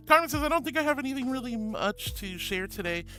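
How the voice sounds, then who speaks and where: A man with a very high, pushed and bright voice hosts a casual livestream over background music. His intonation is lively and his pace moderate as he bubbly and affectionately reads chat messages aloud, calling viewers honey and sweetheart.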